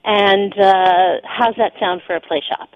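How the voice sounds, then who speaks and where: A woman, a guest sexuality teacher, explaining ideas in a relaxed conversational way during a radio interview, with fillers and restarts. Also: mid-range voice, measured pace. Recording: slightly dull lo-fi radio audio.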